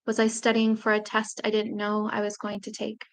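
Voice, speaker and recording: A woman poet reading her own memoir poems aloud in a slow, measured, grave way with long pauses. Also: medium pitch, monotone.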